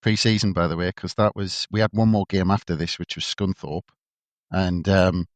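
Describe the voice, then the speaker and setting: Lower-voiced man, chatty. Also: steady tone, no room sound. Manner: chatty, teasing, quick to laugh. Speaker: podcast co-host. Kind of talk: casual chat.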